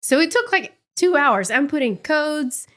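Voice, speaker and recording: A woman's voice: high-pitched, animated, unhurried, a bit bright. A woman in her forties co-hosting a podcast, telling a story in casual chat with lots of laughter. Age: 40s. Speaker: podcast co-host.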